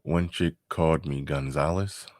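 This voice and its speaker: A man whose voice sits very low hosts a loose, casual live stream where he reads chat aloud, repeats his phrases, and chuckles between points. He keeps a measured pace and a darkish tone. The recording is close and dry, without room sound.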